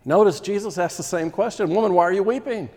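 A man delivers a sermon, explaining a scripture passage and acting out a grieving woman's distress before easing into quiet, emphatic questions. His voice sits slightly high for a man. It rings with the long reverb of a big hall. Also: fast talker. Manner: expository preaching, voices Mary's distress, drops to hushed emphasis. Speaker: preacher.

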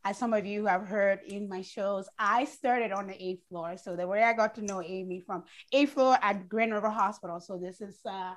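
A woman hosting a casual online chat show, effusive and gushing with excitement about her guest. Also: mid-range voice, normal speed, hardly any pauses. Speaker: show host.

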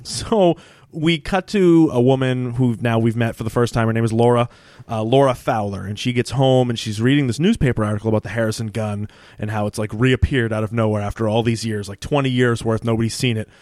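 A man co-hosts a casual podcast, recapping a TV episode with laughter and acting out characters' lines in an animated way. His mid-range voice runs a little fast, and the sound is clean studio audio, dry.

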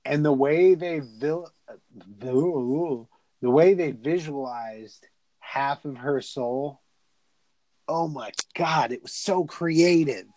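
A young man in casual podcast chat, retelling a horror movie with profanity, rambling asides and quick character voices. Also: fairly high pitch, a little mellow, no room sound, rough recording. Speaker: podcast co-host.

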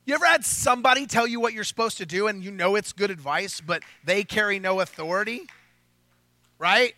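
A pastor delivers a sermon in a church hall, keeping it jokey and conversational and repeatedly checking in with "right?" He has a high, brisk voice that sounds pushed and bright.

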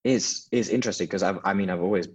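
A young London man, a guest in a casual interview over a video call, talks thoughtfully and reflectively with frequent fillers. His voice is low-pitched and husky, and he talks fast.

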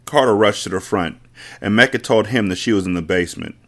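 Low-voiced man reading with blunt asides. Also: fairly quick, a bit bright. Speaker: podcast host reading a novel. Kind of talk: casual read-aloud with commentary.

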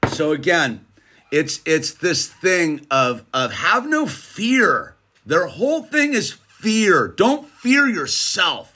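A middle-aged man hosting his own channel, giving a casual motivational monologue in a slangy, laid-back way, speeding up and slowing down for emphasis. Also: fairly high pitch, breathy edge. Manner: laid-back slangy, keeps saying "dude"; animated, swings between fast bursts and slow emphasis. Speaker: channel host.

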